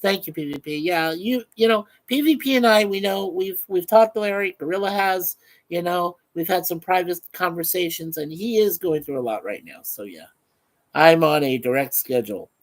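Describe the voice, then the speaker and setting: A man's voice: sits high, lively intonation, moderate pace, rough recording. Rambling, chatty male live streamer. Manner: rambling, chatty, reads out viewer comments, frequent fillers. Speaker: live stream host reading chat. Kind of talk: casual live stream chat.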